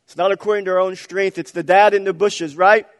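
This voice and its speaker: A man preaching a sermon as pastor, moving between quiet prayerful reading and loud calls for the congregation to answer back. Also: sits high, fairly even intonation, a little fast, studio quality. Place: church sanctuary. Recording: long reverb of a large hall.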